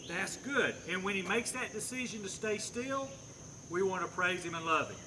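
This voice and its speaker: A man with a fairly high voice explains his dog training methods outdoors while he works a dog, switching between explanation and short, firm commands and praise. Faint insect noise hums behind him. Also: expressive, normal speed. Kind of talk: hands-on training demonstration.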